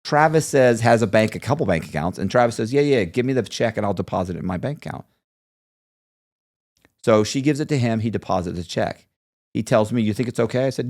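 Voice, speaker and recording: A man's voice: mid-range voice, a little fast. A man telling a long story as a podcast guest, acting out the people he quotes. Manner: lively storyteller who acts out the people he quotes. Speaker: interview guest.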